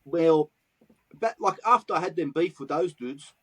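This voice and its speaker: Husky Western Sydney man, higher voice. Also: expressive, moderate pace, low-quality recording. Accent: Western Sydney Australian. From Australia. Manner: profane street slang, acts out quoted dialogue. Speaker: guest, graffiti artist. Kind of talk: casual storytelling interview.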